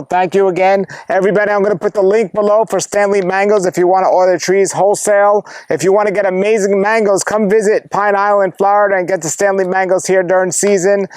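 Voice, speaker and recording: A man's voice: high voice, no room sound. A man who hosts a fruit-growing channel interviews a farmer and signs off with enthusiastic, upbeat presenting. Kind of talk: interview and sign-off.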